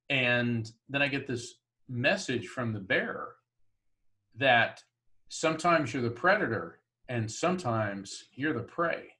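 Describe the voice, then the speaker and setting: A man, a psychic medium, chatting in an interview and telling lively stories with frequent laughs. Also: medium pitch. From Florida, US. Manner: chatty, laughs often, animated storyteller. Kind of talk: storytelling in an interview.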